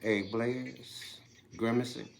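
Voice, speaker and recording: A man giving a preachy monologue, firing off rhetorical questions and swinging between loud bursts and hushed whispers. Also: medium pitch, fairly even intonation, takes it slowly, gravelly, slight background noise. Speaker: speaker delivering a monologue.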